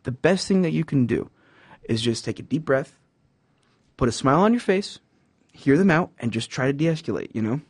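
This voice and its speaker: A man's voice: medium pitch, animated, fairly quick, long pauses, darkish tone, dry recording, clean studio sound. A young man giving casual advice about customer service jobs, rambling with many fillers and acting out quoted customers and bosses. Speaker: podcast host giving job advice. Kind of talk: casual monologue.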